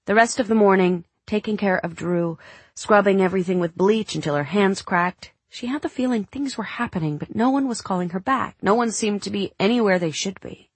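A woman narrating a novel as an audiobook in a measured, literary reading. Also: medium pitch, breathy edge, no room sound. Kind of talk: scripted narration.

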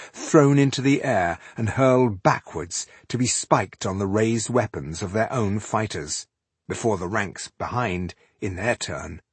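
Husky low-voiced male audiobook narrator. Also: no room sound. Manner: measured, dramatic storytelling. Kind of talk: scripted narration.

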